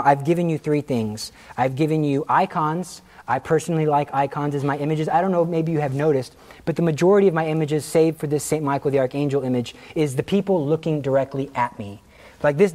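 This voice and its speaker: A man teaching a class through personal stories, his voice sitting a bit high for a man. He tells his stories with animation, breaks into laughter at his own jokes and acts out the people he quotes. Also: darkish tone. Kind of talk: anecdotal classroom talk.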